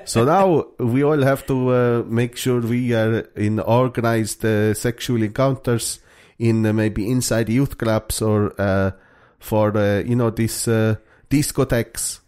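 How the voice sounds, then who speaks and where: A man's voice: mid-range voice, fairly even intonation, unhurried, few pauses, a little mellow, clean tone, lightly acted. A man voicing a complaining teenage boy in a put-on Finnish accent. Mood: whining. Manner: whiny, complaining.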